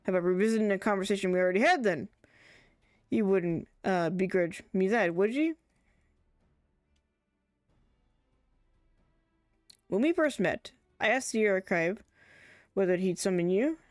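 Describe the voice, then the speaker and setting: A woman voicing an earnest male scholar with an Irish accent, reading game dialogue in a measured, formal way. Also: mid-range voice, dry recording, studio quality, natural voice. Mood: probing.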